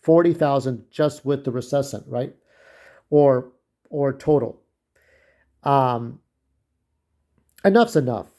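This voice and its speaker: A man's voice: medium pitch, steady tone, slow, long pauses, warm tone. A young man delivering an angry, profane personal rant to camera, often repeating himself and restarting sentences. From United States. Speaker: vlogger.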